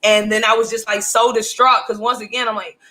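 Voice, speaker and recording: High, bright-voiced brash woman storyteller. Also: fairly quick. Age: 30s. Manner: brash, profane, animated. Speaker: comedian guest. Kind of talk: casual storytelling.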